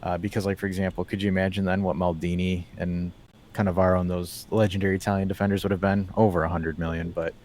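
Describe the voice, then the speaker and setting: A man co-hosting a casual football podcast, talking in a rambling, animated way, full of fillers and restarts, with wry asides. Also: low voice, quick pace. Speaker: podcast co-host.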